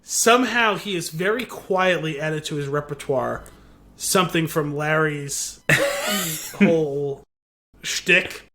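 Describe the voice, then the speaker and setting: A man's voice: fairly high pitch, takes it slowly, a little hiss or hum. A man co-hosting a podcast, casually and animatedly retelling a TV episode with lots of filler words. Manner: animated retelling with quoted lines, many "like" fillers. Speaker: podcast co-host. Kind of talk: casual chat, recapping a TV episode.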